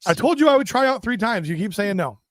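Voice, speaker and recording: A man with a notably high speaking voice cohosts a podcast in casual banter. He jokes around and reads viewer comments aloud. The sound is dry and close, with no room echo. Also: animated, fast. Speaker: podcast co-host.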